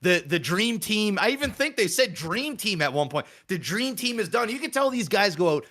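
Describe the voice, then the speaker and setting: A man co-hosting a podcast in casual, profane chat, animated and acting out his reactions. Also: high-pitched, normal speed. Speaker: podcast co-host.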